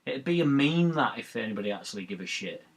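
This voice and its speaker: A man's voice: medium pitch, sing-song, fast talker, breathy edge. A man hosting a live match watch-along, ranting bluntly about football with swearing and banter. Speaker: fan channel host.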